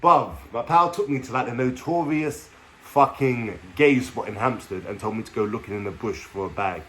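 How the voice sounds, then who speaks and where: A man's voice: medium pitch, normal speed, a bit bright, a little hiss or hum. A young man with a London accent, telling a story casually to camera in slangy talk, swearing and checking in with "yeah?". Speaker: vlogger.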